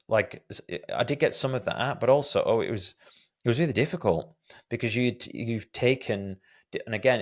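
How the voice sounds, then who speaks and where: A man in his thirties hosting a solo podcast, answering listener questions in a reflective, hesitant way with many fillers and restarts. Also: on the low side. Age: 30s. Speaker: podcast host.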